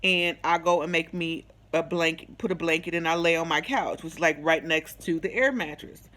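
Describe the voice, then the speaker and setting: A woman's voice: deep voice, normal speed. A woman vlogging about something that happened to her, talking in loose, slangy everyday speech. She tells it animatedly and slips into the other people's lines as she recounts the conversation. It is casual, straight-to-camera storytelling. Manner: animated, slangy, acts out the quoted dialogue. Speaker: vlogger sharing a personal testimony.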